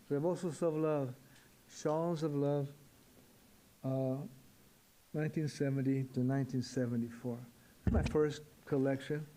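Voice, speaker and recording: An older man speaking to an audience with a mellow, dark-toned voice pitched a touch high. He muses and repeats words as he goes, halting and reflective like a poet telling stories. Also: a little hiss or hum. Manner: halting, repetitive, musing. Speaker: poet giving a public talk. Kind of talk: reflective storytelling talk to an audience.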